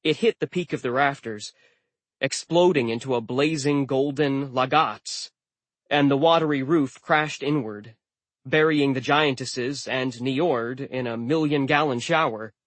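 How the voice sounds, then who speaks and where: Male narrator, dry and wry first-person read, husky, slow. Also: mid-range voice, dry recording. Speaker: audiobook narrator.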